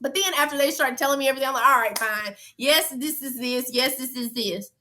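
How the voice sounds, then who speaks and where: A woman's voice: high-pitched, fairly quick, pushed and bright. A woman guest in an interview, recounting events with emphatic repetition and acted-out quotes. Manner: emphatic, repeats phrases, acts out quotes. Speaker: reality show contestant guest. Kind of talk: candid interview storytelling.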